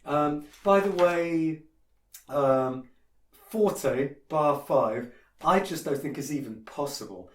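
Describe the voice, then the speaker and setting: A man's voice: fairly high pitch, slow pace. A man teaching a piano piece in a casual tutorial, opinionated and hesitant, with many fillers and restarts. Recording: echoey room with piano playing.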